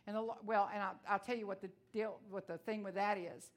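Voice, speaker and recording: Woman, Texan accent, preacher, loud and blunt, emotional, folksy storytelling. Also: medium pitch, steady tone, fairly quick. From Texas, USA. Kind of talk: sermon.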